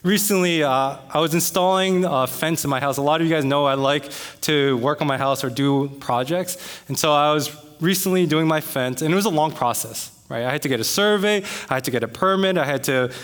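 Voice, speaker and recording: Pastor guy preaching, kinda high voice, chatty storytelling, echoey church hall. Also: a little fast, hardly any pauses, smooth. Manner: conversational, animated when retelling arguments. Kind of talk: sermon with personal story. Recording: long reverb of a hall.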